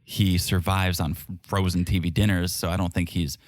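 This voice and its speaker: Low-voiced man, sarcastic podcast recap. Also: flat delivery, moderate pace, no room sound, studio quality. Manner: wry, sarcastic commentary. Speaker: podcast co-host. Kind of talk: casual recap chat.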